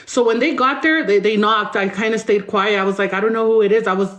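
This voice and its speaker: A woman's voice: mid-range voice, quick pace, a bit bright, low-quality recording. A woman telling her own hard story as an interview guest, emotional and rambling, swearing often. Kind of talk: raw personal storytelling.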